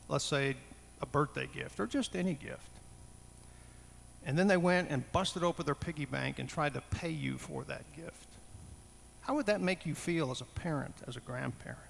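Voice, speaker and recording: A male preacher delivers a sermon in a high, gravelly voice. He keeps it conversational, often putting questions to his listeners. His voice carries a long reverb, as in a church hall. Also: measured pace, a bit bright, a little hiss or hum. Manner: conversational, asks the congregation questions.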